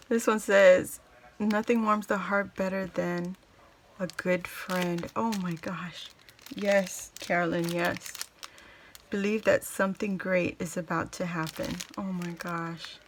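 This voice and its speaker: A woman unboxing a craft gift for her viewers in casual chat, gushing and exclaiming with delight, then slowing down to take it all in. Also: medium pitch, slight background noise. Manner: slow and drawn out between exclamations.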